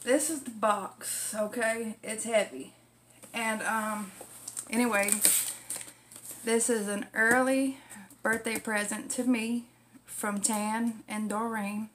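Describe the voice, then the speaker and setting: A woman's voice: a little high, fairly even intonation, slow, a bit bright, a little hiss or hum. A woman vlogger chatting casually through an unboxing, laughing often, using salty language and getting emotional while thanking friends. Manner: emotional, near tears when thanking.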